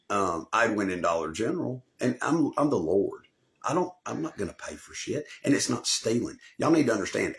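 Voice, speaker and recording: Swaggering, foul-mouthed man. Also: lowish voice. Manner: swaggering, boastful, swears constantly, loses the thread and repeats himself. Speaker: channel host telling a personal story. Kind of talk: rambling profane storytelling to camera.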